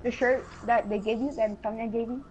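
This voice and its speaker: A woman's voice: on the high side, fairly even intonation, fast talker, background noise. A woman on a livestream call, casually chatting and asking eager questions. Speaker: friend on the stream call. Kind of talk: casual chat.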